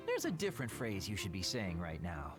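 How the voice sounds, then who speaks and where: An actor voicing a laid-back, easygoing older man in a video game who calms his teammates with a teasing tone. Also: deep voice, brisk, over music. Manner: relaxed, teasing.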